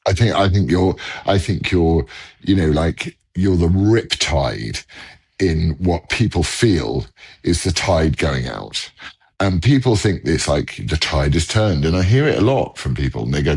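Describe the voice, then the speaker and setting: A man's voice: sits low, sing-song, measured pace, darkish tone, husky. A man co-hosting a casual chat from home over a video call, earnest and rambling, often restarting his sentences. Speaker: co-host.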